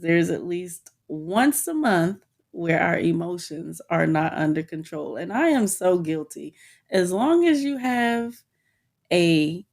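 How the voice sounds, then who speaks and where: A woman's voice: deep voice, darkish tone. A woman hosting a personal podcast, talking candidly and informally to her listeners, with frequent restarts. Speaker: podcast host. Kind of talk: personal reflective monologue.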